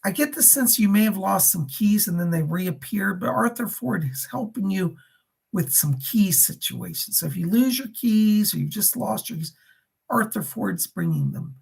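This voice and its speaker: A man's voice: high voice, animated, normal speed, vocal fry, darkish tone, breathy edge. A man hosting a live stream of psychic readings, relaying spirit messages and thanking viewers for donations. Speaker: psychic medium on a livestream.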